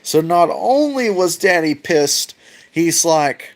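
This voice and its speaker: A man's voice: fairly high pitch, sing-song, slow. A man hosting a casual livestream, reading old myths aloud and retelling them in a laid-back, profane way. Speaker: mythology video host.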